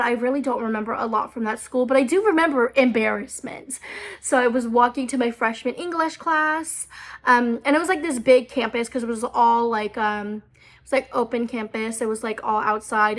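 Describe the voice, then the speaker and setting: A woman's voice: fairly high pitch, normal speed, fairly bright tone. A woman in her twenties telling a story to camera in a chatty, self-mocking way, swearing often and filling her talk with "like". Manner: chatty, profane, self-mocking, many "like" fillers. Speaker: storytime vlogger.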